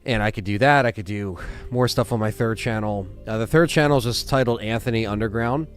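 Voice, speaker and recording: Tired guy streaming, lowish voice, rambles w lots of ums, bit of music in the back. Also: fairly quick. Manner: rambling, lots of fillers and restarts. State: tired, yawning. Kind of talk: casual live-stream chat.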